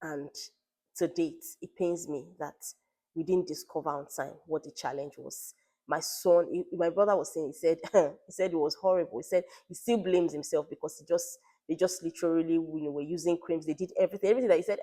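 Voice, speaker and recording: Woman, 30s, low pitch; chatty personal vlog storyteller. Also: fairly quick, dark tone. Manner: conversational, retells dialogue, many fillers. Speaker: parent vlogger.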